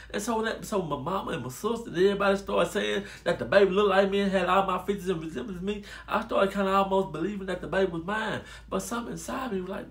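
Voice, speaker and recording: A man casually telling a personal story to his viewers, animated and addressing them as y'all. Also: high voice, a little fast, hardly any pauses. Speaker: storytelling vlogger.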